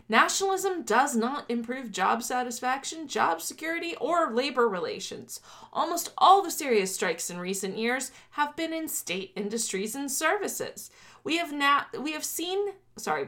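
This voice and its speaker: A woman's voice: high voice, pushed and bright, voice pushed up, full character voice. A woman putting on a prim woman politician reading out a manifesto in a lofty, proper voice.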